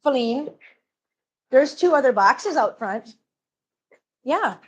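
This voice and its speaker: A woman's voice: high voice, lively intonation, slow pace, slightly rough. A middle-aged woman chatting casually to her cats and her livestream viewers while she cleans, a bit out of breath. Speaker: cat channel vlogger.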